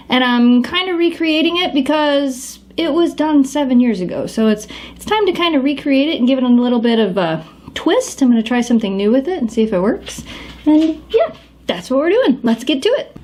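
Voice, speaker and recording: A woman's voice: high voice, a little mellow. A woman hosting a casual cooking vlog, upbeat and chatty, stressing words for emphasis. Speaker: host of a dog treat channel.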